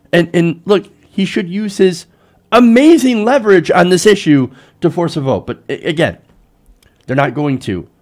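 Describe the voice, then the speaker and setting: A man hosting a live political commentary show, ranting in an exasperated, animated way and mocking others in quoted voices. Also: a little high. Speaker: host.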